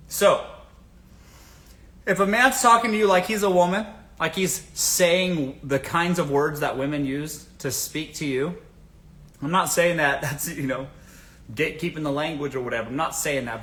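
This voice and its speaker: A man's voice: on the high side, unhurried, long pauses, pushed and bright. A man from the American South hosting a casual livestream, giving blunt dating advice, swearing freely and asking the audience rhetorical questions.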